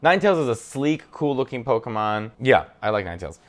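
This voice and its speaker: A man chatting casually and animatedly while ranking a list, now and then breaking into squeaky voices. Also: very animated, quick pace. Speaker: comedian ranking Pokémon. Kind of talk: casual chat.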